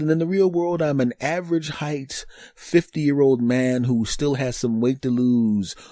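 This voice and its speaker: Fifty-year-old man riffing, mellow voice. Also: medium pitch, dry recording, studio quality. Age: 50s. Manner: animated, acts out mock dialogue in bursts; laughs at his own jokes. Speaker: comedian and podcast host. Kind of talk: solo comedic podcast monologue.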